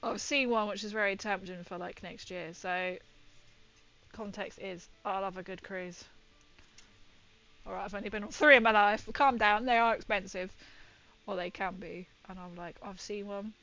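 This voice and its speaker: A woman's voice: mid-range voice, moderate pace, bright, forceful tone, highs cut off. A woman painting miniatures and chatting with viewers in a rambling, giggly way. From Britain. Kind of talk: casual chat while painting.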